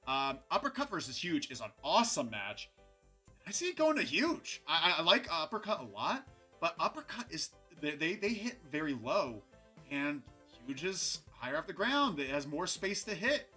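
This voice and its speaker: Male host, casual stream commentary, lively swings, bright tone, faint music under. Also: fairly high pitch, normal speed, slightly rough. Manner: rambling, animated, chatty with frequent restarts. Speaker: host of a robot combat recap show.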